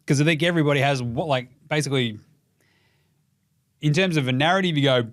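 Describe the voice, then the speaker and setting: A young Australian man rattles off basketball takes in a loose, profane, animated way. His voice sits a touch higher than most men's, and he often slips into mocking impressions. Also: fast, long pauses. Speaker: podcast host. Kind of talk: casual sports commentary.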